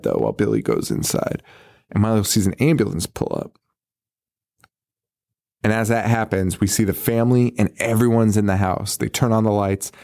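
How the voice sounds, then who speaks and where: A man's voice: fairly low pitch, darkish tone, no room sound, studio quality. A man co-hosting a podcast, chatting casually about a movie, laughing often, swearing and acting out the characters' lines. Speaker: podcast co-host. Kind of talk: casual chat recapping a movie.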